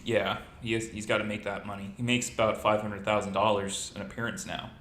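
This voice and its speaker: Man, podcast host, low voice, joking storyteller, roomy echo. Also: a little fast, slight background noise. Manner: animated storyteller, jokey. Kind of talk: casual chat.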